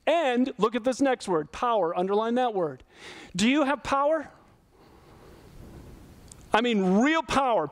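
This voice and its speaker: A man's voice: very high voice, no room sound. A middle-aged male pastor giving an earnest, conversational sermon full of rhetorical questions.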